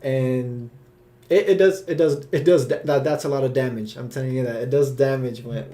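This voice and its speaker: A man's voice: mid-range voice, moderate pace, crowd noise. Guy hosting a live stream q&a over a call, medium voice, rambling and hyped, lots of um and like. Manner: rambling, excited, laughs often, lots of fillers. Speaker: creator and host of the live Q&A. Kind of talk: casual live chat.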